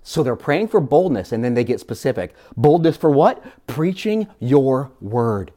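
A pastor delivers a sermon in a warm, mellow voice that swings widely in pitch. The preacher throws rhetorical questions at the congregation and repeats words while building each point. The delivery feels animated and direct. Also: a little slow.

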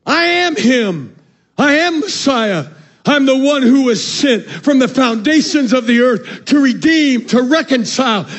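A male pastor preaching a sermon, calling out to the congregation and swinging from shouted peaks to soft, low passages. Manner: calls out to the congregation.

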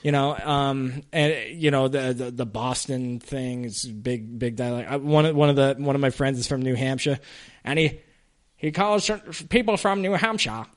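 A man's voice: medium pitch, moderate pace. An American man hosting a casual podcast interview, rambling with lots of restarts and fillers. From United States. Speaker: podcast host.

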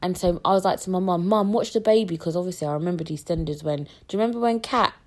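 Animated young British woman telling a story. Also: on the low side, quick pace. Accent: British English. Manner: animated, acts out quoted voices, slangy. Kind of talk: casual storytelling.

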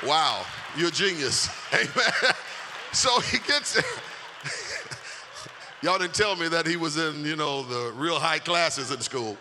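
A man preaching a sermon in a church, shouting and half-singing his lines and leading the crowd in call-and-response. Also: fairly high pitch, animated, slow pace, long pauses, slight background noise. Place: church sanctuary. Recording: music and long hall reverb.

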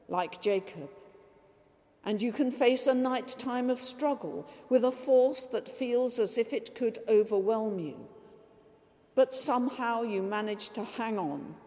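A woman preacher giving a measured, reflective sermon that includes a story read aloud. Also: a little high, warm tone, big-room sound.

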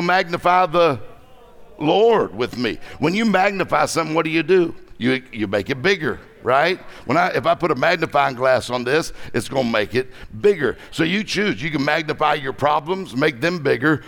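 A middle-aged man preaching a lively conference sermon, joking and exhorting the crowd. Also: fairly high pitch, normal speed, creaky, few pauses.

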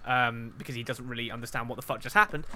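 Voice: mid-range voice, fairly even intonation, fast talker, pushed and bright. A game master narrating a tabletop game, hesitant and full of ums. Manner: hesitant, with frequent ums and laughs.

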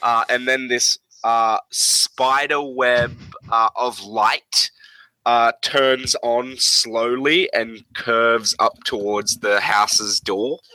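Guy narrating a tabletop game, slow and halting, bright sound, dry room. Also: mid-range voice, fairly even intonation, dry recording, rough recording. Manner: hesitant, many fillers. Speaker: game master.

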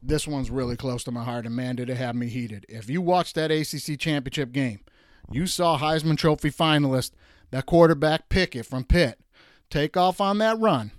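A man's voice: normal speed, no room sound. Emphatic man hosting a sports rant. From Detroit. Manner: exasperated, emphatic, swings high when mocking. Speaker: podcast host.

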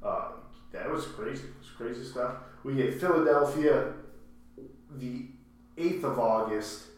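Casual soccer talk comes from a man co-hosting a podcast, his mid-range voice a little slow. He's off-mic in an echoey room with a faint hum, and he wanders through his points, fixing himself as he goes and laughing often.

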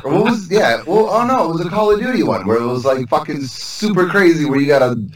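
A man's voice: on the high side, expressive, fast talker. A man co-hosting a podcast over a video call, sarcastic and swearing freely as he riffs. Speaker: podcast co-host. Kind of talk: casual podcast banter.

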